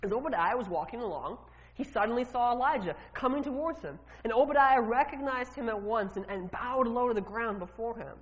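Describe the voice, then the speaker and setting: A woman's voice: a little high, fairly quick. A woman preaching a sermon in a loose, conversational way, asking the congregation questions and often repeating her words. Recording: reverberant hall, dull lo-fi sound.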